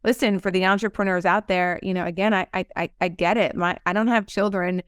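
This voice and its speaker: A woman's voice: lowish voice, fairly even intonation, brisk, clean tone, no room sound, studio quality. A woman hosting an interview podcast, talking reflectively and casually and quoting her own inner thoughts. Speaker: podcast host.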